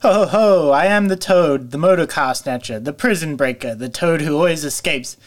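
A man's voice: on the high side, animated, moderate pace, pitched above the performer's own voice, natural voice. A man voicing a boastful, reckless male toad in a storybook reading, with a raised, showy voice. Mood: boastful shouting. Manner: boastful, shouting.

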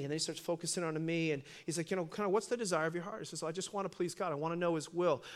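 High-voiced pastor preaching a story. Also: male voice. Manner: animated storytelling, voice swelling loud for emphasis. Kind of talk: sermon with personal story.

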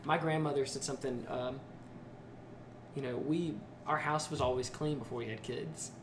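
A man hosts a podcast, chatting in a reflective, conversational style in a casual interview. His voice is medium-pitched with fairly even intonation at a normal speed, recorded in an echoey, noisy room.

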